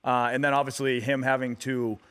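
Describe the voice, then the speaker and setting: Thirty-year-old man telling relaxed stories. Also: mid-range voice, fairly quick, clean tone. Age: 30s. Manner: relaxed storyteller, lots of fillers and restarts. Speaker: guest athlete. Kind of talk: casual radio interview.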